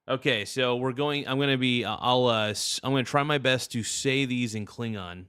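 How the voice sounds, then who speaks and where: A man's voice: medium pitch, normal speed, a bit bright, clean tone, no room sound, clean studio sound. A man hosting a livestream, chatting casually and crudely while thanking viewers for gifts. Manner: rambling, joking, crude. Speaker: livestream host.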